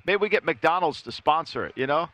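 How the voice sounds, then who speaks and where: Man, betting show co-host, jokey, emphatic, slightly high voice. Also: animated, brisk, fairly bright tone. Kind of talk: sports betting talk.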